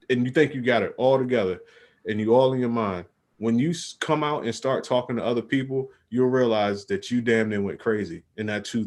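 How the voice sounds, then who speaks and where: A young man co-hosting a podcast, talking casually in laid-back slang and saying "bro" a lot. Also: medium pitch. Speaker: podcast co-host. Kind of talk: casual chat.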